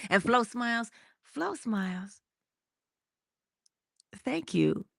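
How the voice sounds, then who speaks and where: A woman hosting an inspirational livestream, talking slowly and intimately, dropping into whispers at times and greeting viewers in the chat. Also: on the high side, sing-song, gravelly, darkish tone, no echo, clean studio sound. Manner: slow, intimate, drops into whispers. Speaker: motivational livestream host.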